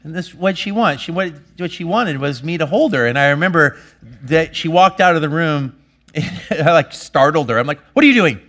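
A man preaching a sermon as a pastor, earnest, swinging between emphatic bursts and hushed lines. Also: a little high, moderate pace.

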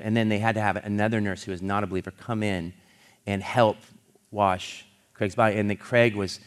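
Male pastor, middle-aged, low voice, earnest sermon storytelling with halting restarts. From California. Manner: earnest, halting restarts, swells louder when building a point.

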